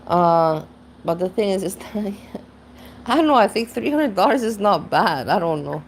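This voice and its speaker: A woman's voice: medium pitch, animated, normal speed, slight background noise. A woman hosting a reaction channel, musing and rambling in casual commentary. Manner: musing, rambling, chuckles at her own jokes.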